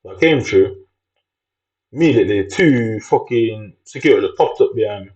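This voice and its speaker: A man's voice: on the low side, expressive, moderate pace, a little mellow. A man in a casual vlog monologue, rambling and agitated and swearing often. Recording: dull lo-fi recording.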